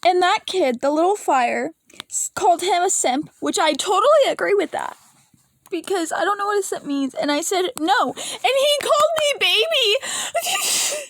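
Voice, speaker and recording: A woman's voice: very high voice, lively intonation, moderate pace, dry recording. A woman vlogger rambling through an emotional, casual rant, swearing now and then and sometimes close to tears. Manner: rambling, emotional, breaks into laughs and near tears; curses casually.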